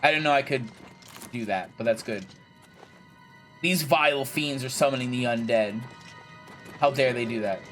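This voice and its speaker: A man's voice: mid-range voice, moderate pace, long pauses, a bit bright, soft background music. A young man casually commentating his gameplay, chatty and jokey, swearing freely and talking to himself and the game characters. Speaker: gaming video creator.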